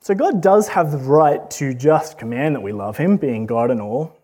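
A man's voice: medium pitch, lively intonation, moderate pace, darkish tone. A man giving an earnest, conversational sermon full of rhetorical questions. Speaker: preacher.

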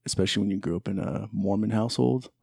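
A man's voice: fairly low pitch, fairly even intonation, fast talker, gravelly, a little mellow, husky, no room sound, clean studio sound. A middle-aged man, the host's older brother, joking and teasing in a casual family chat. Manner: joking, teasing, laughs often.

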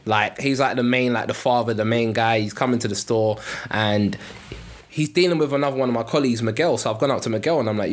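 Man, mid pitch, casual podcast chat, rambling anecdote, frequent restarts. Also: fast.

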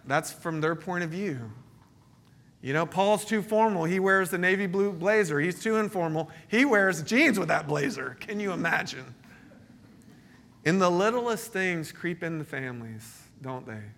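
A man's voice: high voice, measured pace. A man in his thirties preaching a sermon as pastor, joking and telling stories. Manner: storytelling, joking, animated. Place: church meeting space.

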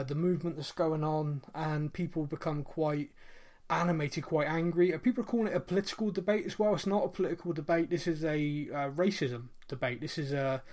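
A man's voice: a little high, darkish tone. Man, late thirties, casual podcast chat, earnest, reflective, lots of ums. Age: 30s. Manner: earnest, reflective, with many fillers and restarts. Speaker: podcast co-host.

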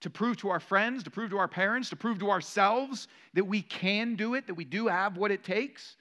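A man's voice: sits high, normal speed. A man preaching a sermon to his church, telling stories and building to rhetorical questions with rising emphasis. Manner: storytelling, varies loudness for emphasis. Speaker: pastor.

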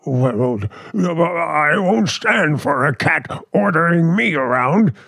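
An actor playing a nervous, stammering husband in a 1940s radio play. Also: male voice, a little high, expressive, slow, vocal fry, a bit bright, husky, no echo, clean studio sound, heavily acted. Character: timid frightened husband, Mr. Beaker.

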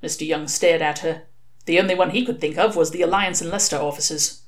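A woman reading a novel aloud, telling it in an expressive, wry way. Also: lowish voice, brisk. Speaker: reader.

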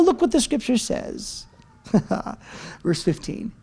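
A man preaching a sermon as pastor, swinging from loud shouts to quiet asides and dropping into slang. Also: extremely high pitch, big pitch swings, slow, vocal fry, pauses often, slightly rough. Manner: talks in slang.

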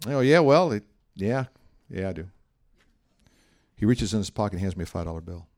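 A man's voice: low-pitched, mellow. A middle-aged man preaching a sermon in a conversational, storytelling way, acting out the voices of people he quotes. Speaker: pastor.

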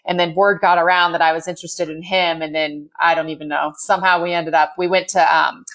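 A woman's voice: on the low side, little pitch movement, brisk, fairly bright tone. An American woman in her forties telling a story in a casual chat, laughing often and peppering her talk with "like". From United States. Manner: chatty, laughs often, fills with "like". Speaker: guest.

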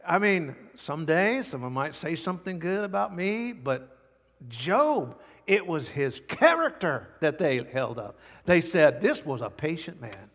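A man preaches from the pulpit with a voice sitting a little high for a man. He drives his points home with sudden loud, high bursts, then drops low and quiet. The sound rings on in a long church-hall reverb. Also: very animated, unhurried. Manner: emphatic preaching with sudden swings in pitch and volume. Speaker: pastor. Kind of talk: sermon. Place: church sanctuary.

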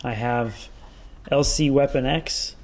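A man's voice: mid-range voice, slow pace, darkish tone, a little hiss or hum. A man hosting a casual podcast, rambling and joking with his co-hosts. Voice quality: rambling, joking, laughs often. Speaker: podcast host.

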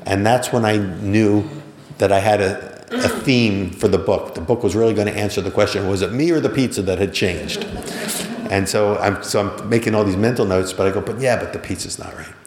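A man's voice: on the low side, expressive, moderate pace, a little mellow, a little hiss or hum. A middle-aged man from Philadelphia telling a personal story in a conversational way, acting out each person's lines with a lifted voice. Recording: roomy hall with long reverb.

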